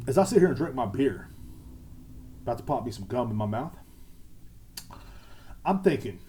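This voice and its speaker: A man's voice: mid-range voice, dark tone. Sarcastic, profane man ranting solo. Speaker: podcast host. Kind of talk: ranting solo podcast monologue. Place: at home, sitting indoors.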